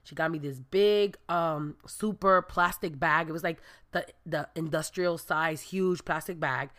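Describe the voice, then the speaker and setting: A young adult woman from Brooklyn, New York, casually telling viewers a story and acting out the dialogue with lively voices. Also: deep voice, unhurried. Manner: animated, acts out dialogue with voices. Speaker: storyteller vlogger.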